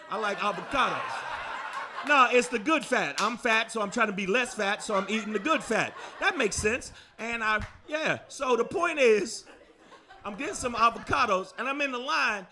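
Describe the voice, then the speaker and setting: A man's voice: sits high, pushed and bright. A man doing a brash, profane stand-up comedy set in a comedy club, riffing with the crowd. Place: comedy club before a live audience. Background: audience laughter.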